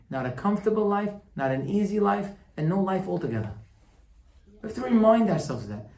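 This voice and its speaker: A man preaches to a live group, telling a story with animated emphasis and playing out the dialogue. His voice is dark and mellow. He is heard from well back in a roomy, echoing space, with faint ambience underneath. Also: high-pitched, a little fast, vocal fry, far from the mic.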